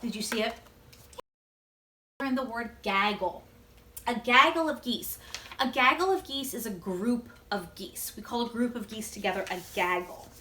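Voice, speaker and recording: A woman teacher giving a video word-study lesson to young children, gently encouraging them and pausing for answers. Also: on the high side, echoey room, slight background noise.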